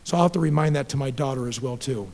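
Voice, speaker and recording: A middle-aged man, a basketball head coach, answering questions at a post-game press conference in a direct, animated way, with many restarts and repeated words. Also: mid-range voice, quick pace, big-room sound.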